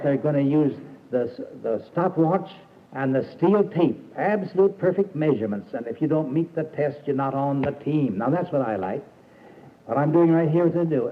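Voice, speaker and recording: An older man giving a folksy, emphatic sermon to a camp audience, with fillers and restarts. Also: mid-range voice. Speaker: preacher and camp founder. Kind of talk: old recorded sermon. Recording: tinny archival tape with faint hiss.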